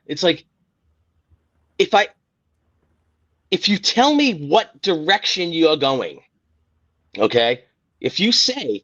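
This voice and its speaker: A man's voice: a little high, big pitch swings, takes it slowly, pauses often, fairly bright tone. A man hosting a sports podcast, ranting in a heated, profane, exasperated way. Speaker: podcast host. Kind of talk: casual sports rant. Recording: dull lo-fi podcast audio.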